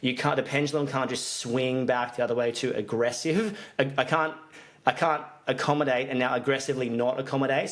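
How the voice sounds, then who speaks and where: A mid-pitched man talks business on a podcast. He rambles in casual chat, doubling back and restarting his sentences as his thoughts run on. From Australia. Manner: rambling, with frequent restarts and fillers. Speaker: podcast co-host, business coach.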